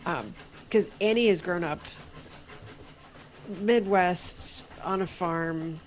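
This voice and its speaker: A woman's voice: on the low side, takes it slowly, rough recording. A woman narrating her character's actions in a tabletop game, hesitant and full of fillers. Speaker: player.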